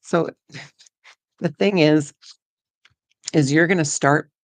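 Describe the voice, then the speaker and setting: A woman's voice: deep voice, drawn-out words, no echo. A woman giving a chatty, reassuring oracle card reading to camera, drifting between points as she talks.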